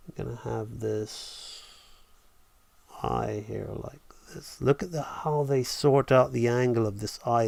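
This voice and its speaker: A man's voice: medium pitch, gravelly, darkish tone, no room sound. A man teaching animation on a live stream, enthusiastic and thinking aloud as he draws. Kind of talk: live-streamed drawing tutorial.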